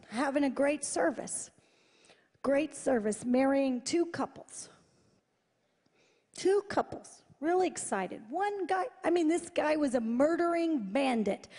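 A woman with a high voice preaches to a live crowd in a big hall, and the long echo trails after her words. She tells her stories with lots of repetition, jumping from loud, excited bursts to hushed asides. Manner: animated, repetitive, swings between loud and hushed. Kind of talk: sermon storytelling. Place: large church hall, live event.

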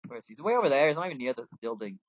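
A man's voice: mid-range voice, big pitch swings, rapid-fire, no room sound. A man giving casual, joking let's-play commentary at home. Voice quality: chatty, joking, talks to his pet. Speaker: gamer. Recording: dull dry home mic.

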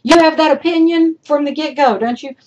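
A woman college instructor giving recorded feedback to her students. She talks directly and chattily, repeating her points for emphasis, and her voice is going hoarse. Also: sits high, brisk, darkish tone, lo-fi sound. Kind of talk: recorded lecture feedback over screen demo.

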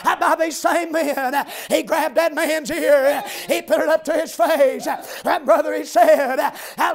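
A man with a very high, gravelly yet steady-toned voice preaches an old-time revival sermon, chanting in rhythmic bursts broken by "uh" before climbing into shouted hallelujahs. He swings hard between low, quick asides and ringing cries.

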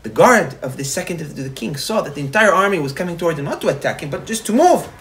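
A man, a rabbi, telling a parable in a sermon, animated, repeating phrases and restarting often. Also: fairly high pitch, fast, slight background noise, low-quality recording. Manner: animated, repetitive, frequent restarts. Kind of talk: storytelling sermon.

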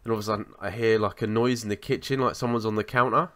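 A man's voice: fairly low pitch, steady tone, fast talker, fairly bright tone. Sweary man telling a story. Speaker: podcast co-host. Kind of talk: casual chat, storytelling.

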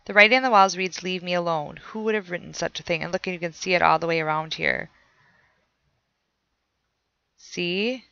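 A woman's voice: lowish voice, fairly even intonation, moderate pace, vocal fry, pauses often, pushed and bright, smooth, no echo, dull audio. A woman streamer playing a horror game, chatting with her viewers and reading the notes she finds aloud. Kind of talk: casual let's play commentary.

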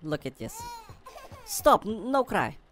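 Excitable woman narrating gameplay, wildly swooping. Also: on the high side, slow, soft background music. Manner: excitable, talks to viewers, simple non-native phrasing. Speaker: gaming video host. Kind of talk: gameplay commentary.

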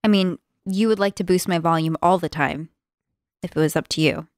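A woman in her thirties co-hosting a podcast with her husband, soft-spoken and wry in casual chat. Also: on the low side, a little fast, dry recording, studio quality. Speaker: podcast co-host. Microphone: studio mic with headphones.

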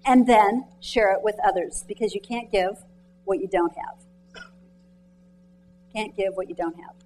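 A woman author giving a motivational talk to students and mentors in a lecture room, telling stories in a chatty, animated way and quizzing the audience directly. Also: medium pitch, a little slow, faint music behind, poor audio. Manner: chatty, animated storytelling with many "like"s.

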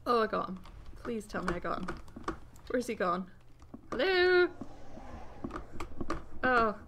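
A woman giving excitable, giggly let's play commentary as the channel host. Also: mid-range voice, moderate pace, noisy background. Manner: excitable, exclaiming and giggling at the game.

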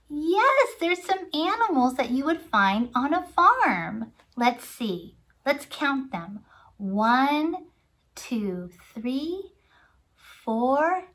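A woman with a high voice teaches a children's church class at an unhurried pace. She sings simple songs, makes animal sounds and coaxes little ones to join in. Her delivery is sing-song and gentle. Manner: sing-song, coaxing, talks straight to young children. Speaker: children's Sunday school teacher. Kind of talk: children's lesson with sing-along.

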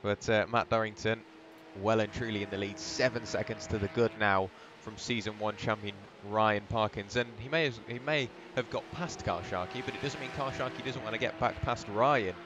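A man giving steady, conversational play-by-play for a sim racing broadcast. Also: on the low side, normal speed, lo-fi sound, background noise. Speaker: lead commentator.

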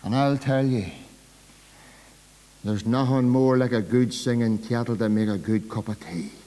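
Northern Irish preacher in an echoing church. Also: male voice, a little slow. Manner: impassioned preaching, swinging from loud emphatic calls to soft low asides. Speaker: pastor. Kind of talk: sermon.

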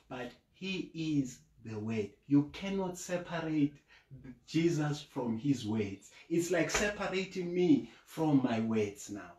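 Male preacher, mid-pitched, earnest sermon delivery, recorded at home in an echoey room. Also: a little mellow. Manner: earnest, deliberate, rising to emphatic peaks on key points.

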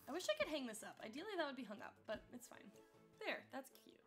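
A woman's voice: high voice, big pitch swings, fast talker, faint music behind. A woman streaming gameplay, chatting along casually, talking to her game characters and giggling. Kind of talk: live-streamed gameplay commentary.

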